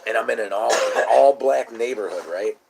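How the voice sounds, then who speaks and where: A man's voice: medium pitch, moderate pace, vocal fry, noisy background. A man telling a long, profane, indignant story in casual talk. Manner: indignant, profane, rising to shouting. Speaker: host.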